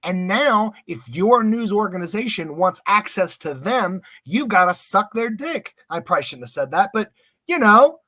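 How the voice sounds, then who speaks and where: A man's voice: high-pitched, expressive, moderate pace, bright, forceful tone, dry recording, clean studio sound. A man co-hosting a podcast, sarcastic and mocking in casual political chat.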